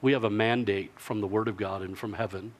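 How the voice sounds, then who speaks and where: A man preaching a sermon, telling a story with lively delivery and answered by the congregation. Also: fairly low pitch, fairly quick. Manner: lively storytelling, acting out villagers in character.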